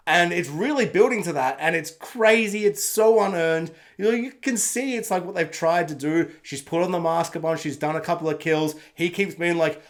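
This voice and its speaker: Lively film reviewer ranting. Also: mid-range voice, brisk, gravelly. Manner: animated, sarcastic, swears freely, laughs often. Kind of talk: ranting spoiler movie review.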